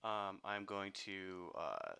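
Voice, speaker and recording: A man's voice: sits low, animated, takes it slowly, gravelly, bright, forceful tone, a little hiss or hum. A man playing a tabletop game, talking through his moves in a laid-back, casual way. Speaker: player.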